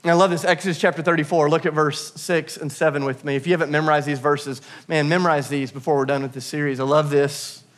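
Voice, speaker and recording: A man in his thirties preaching a lively, humorous sermon to his congregation, calling on them to answer. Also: on the high side, fast talker, hardly any pauses. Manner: energetic, humorous, calls out to the congregation. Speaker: pastor.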